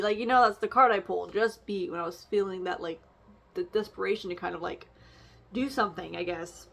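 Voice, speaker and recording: A young woman with a medium-pitched, slightly bright voice and some vocal fry talks a little fast as she casually walks through an oracle card reading and her feelings. It's a reflective vlog, rambling and full of fillers and restarts.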